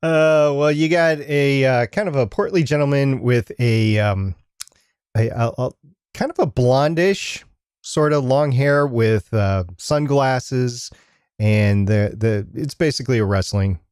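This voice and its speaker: A man co-hosting a casual podcast, with a mid-pitched, everyday voice. He talks in a relaxed way, pausing with fillers as he gets his words together. The recording is dry and close. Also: clean tone, dry recording. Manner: halting, lots of fillers when he describes things. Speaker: podcast co-host.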